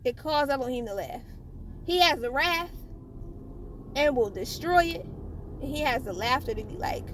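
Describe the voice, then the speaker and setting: A woman preaching informally about her faith in a fervent, halting way, often repeating and restarting phrases and chuckling. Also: high voice, lively intonation, a bit bright, a little hiss or hum. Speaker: spiritual vlogger.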